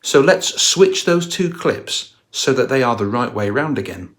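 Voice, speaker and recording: A man's voice: mid-range voice, big pitch swings, unhurried. A man hosting a music channel, walking through a music video scene by scene and explaining it. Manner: storytelling, analytical walkthrough. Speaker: guitar channel host.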